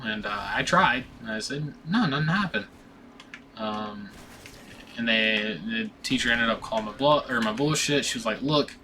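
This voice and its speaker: Young male vlogger, bright forward tone, loose profane storytelling, faint ambient hiss. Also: mid-range voice. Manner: rambling, profane, with many restarts and fillers. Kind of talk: casual storytime.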